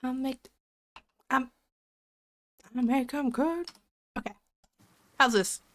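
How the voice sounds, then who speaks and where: A woman's voice: high-pitched, slow, fairly bright tone, a little hiss or hum. A young woman streamer chatting casually with her viewers while playing a game, giggling and joking. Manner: chatty, giggly, talks to chat. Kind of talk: casual gaming commentary.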